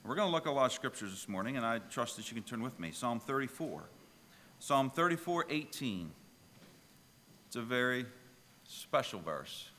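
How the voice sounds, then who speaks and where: A pastor preaching a sermon, telling a children's story with lively, emphatic delivery. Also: male voice, medium pitch, moderate pace, in a large hall, a little hiss or hum.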